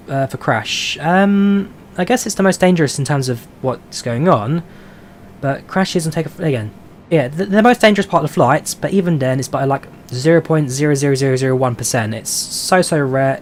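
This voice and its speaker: A flight sim streamer from London, England talks casually on a live stream while flying, reading out viewer questions and answering them with lots of filler "uh"s. His voice is fairly high and fairly quick, with a London accent, and a little hiss or hum sits under the recording.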